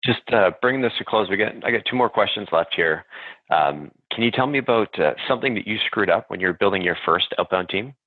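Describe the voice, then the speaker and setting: A man co-hosting a business podcast asks his questions in an easygoing way with a very deep voice. His audio is thin and phone-like, and it sounds dry, with no room. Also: expressive, fast talker, no room sound. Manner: easygoing, with filler-heavy phrasing. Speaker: podcast co-host. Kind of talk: casual podcast interview. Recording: tinny phone-like remote line.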